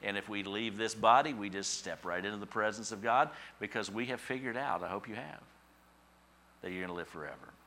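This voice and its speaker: A middle-aged man preaching a sermon in a conversational, storytelling way, acting out quoted thoughts in a higher voice. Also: a little fast, bright, forceful tone, slight background noise. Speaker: pastor.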